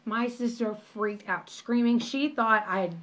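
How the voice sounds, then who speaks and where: A woman's voice: on the high side, a little slow, fairly bright tone. A young woman telling a story in a casual vlog, rambling and apologetic with many restarts, recorded on her phone at home. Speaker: vlogger.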